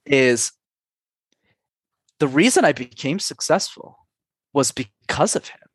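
A man reflecting earnestly on his life as an interview guest, slowing down to stress key points. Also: mid-range voice, expressive, slightly rough, no room sound, clean studio sound. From Canada. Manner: earnest, slows down for emphasis. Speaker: podcast guest.

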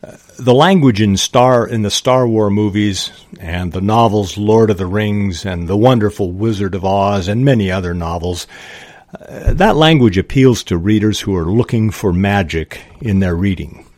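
A man hosting a podcast, explaining writing craft in a slow, thoughtful way, with small restarts. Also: fairly low pitch, darkish tone, dry recording. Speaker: podcast host.

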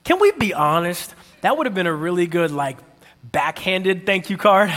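A man preaching a sermon, telling a story with lively energy and calling out to his audience. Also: fairly high pitch, moderate pace. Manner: animated storytelling, calls out to the audience. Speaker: pastor. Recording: long hall reverb.

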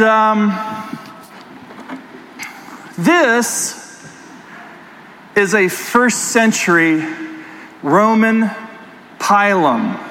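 High-voiced man preaching in a hall. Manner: animated storytelling, addresses the congregation directly. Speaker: pastor. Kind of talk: sermon with personal story.

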